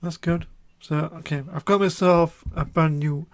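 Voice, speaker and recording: A man streaming a point-and-click game, chatting casually and reading the on-screen text aloud in a halting way, often repeating words. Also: on the high side, fairly even intonation.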